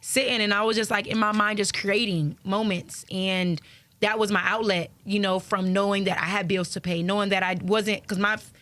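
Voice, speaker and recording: A woman comedian from Miami chatting as a guest in a casual interview, animated and quick to laugh. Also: medium pitch.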